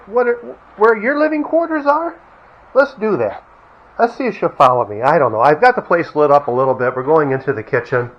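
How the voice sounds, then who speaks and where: A man's voice: on the high side, bright, forceful tone, rough recording. A middle-aged man casually chatting at home as he shows off his dog, rambling and breaking into baby talk with her. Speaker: vlogger, dog owner. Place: indoors at home.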